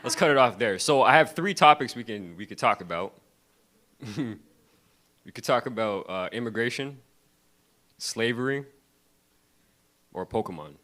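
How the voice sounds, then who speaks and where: A man's voice: mid-range voice, animated, moderate pace, long pauses, pushed and bright, slight background noise. A young man doing a loose, crowd-baiting stand-up set on a comedy club stage, laughing between his lines. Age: young adult.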